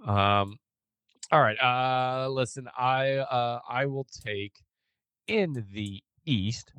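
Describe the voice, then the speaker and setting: A man's voice: medium pitch, very slow, fairly bright tone, clean tone, dry recording, lo-fi sound. A man hosting a podcast in casual chat, rambling a little with fillers as he talks. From United States. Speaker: podcast host.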